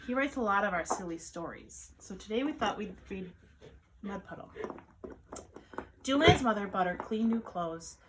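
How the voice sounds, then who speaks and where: A woman, a children's caregiver, reading a picture book aloud to children in an animated, sing-song storytelling manner. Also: mid-range voice, a little hiss or hum, rough recording.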